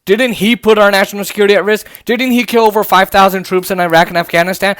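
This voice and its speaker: This man talks fast in a high, steady, fairly bright and smooth voice while hosting a political commentary podcast at home. Sarcastic and indignant, he reads posts aloud with frequent fillers and restarts, recorded dry with clean studio sound.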